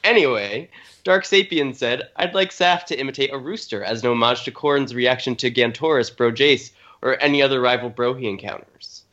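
A man's voice: mid-range voice, normal speed, fairly bright tone, muffled recording. A man co-hosting a casual podcast, reading out listener questions and teasing his friends with mock offense. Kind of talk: casual chat.

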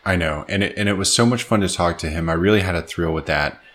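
A man's voice: deep voice, quick pace, a bit bright. A man co-hosting a podcast in casual chat, upbeat and chatty, laughing easily. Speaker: podcast co-host.

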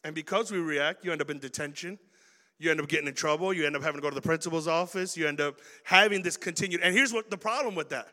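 A man preaching a sermon to young people, animated and acting out everyday scenes as he talks. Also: on the high side, quick pace, long reverb tail.

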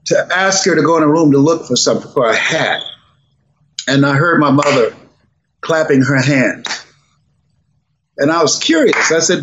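A man's voice: a little high, echoey room. An older man being interviewed as a guest speaker, telling a personal story with dramatic shifts of voice. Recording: dull lo-fi sound with faint noise.

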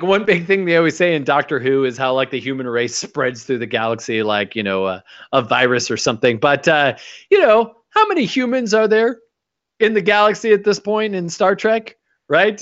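Animated lo-fi man recapping an episode. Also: on the high side. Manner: animated, rambling, breaks into quick impressions. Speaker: podcast co-host. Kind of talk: casual chat recapping an episode. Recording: dull lo-fi audio.

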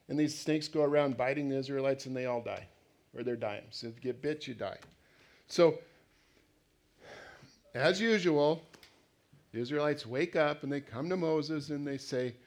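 A man's voice: fairly high pitch, gravelly. A man preaching a sermon in a conversational way, putting questions to the congregation and reading scripture aloud. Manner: conversational, asks the congregation questions, acts out voices. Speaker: pastor.

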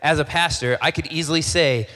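A man preaching a sermon as a pastor, in a relaxed, conversational way, acting out little bits of dialogue and often repeating phrases. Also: on the high side, fairly quick, long reverb tail. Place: church hall.

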